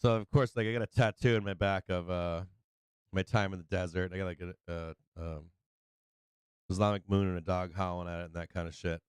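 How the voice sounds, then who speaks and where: A deep-voiced man hosting a live stream tells stories a little fast in a smooth, steady tone, with no echo. His casual storytelling rambles loosely and profanely, full of restarted sentences and laughter.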